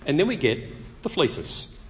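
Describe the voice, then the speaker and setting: A man preaching a sermon, telling the story lively and acting out the quotes. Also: a little high, takes it slowly, in a large hall.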